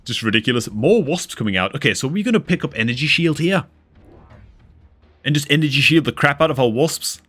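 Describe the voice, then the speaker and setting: A man casting a replay of a strategy video game, excitable and quick to exclaim, often calling his listeners dude and man. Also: mid-range voice. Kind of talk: excitable gameplay commentary.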